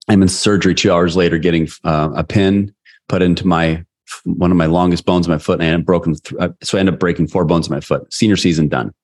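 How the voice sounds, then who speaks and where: A man in his forties, a sales leader, telling a personal story in an interview, acting out quotes with lively energy. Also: sits low, quick pace. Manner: animated, acts out quotes. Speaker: guest, sales leader and coach.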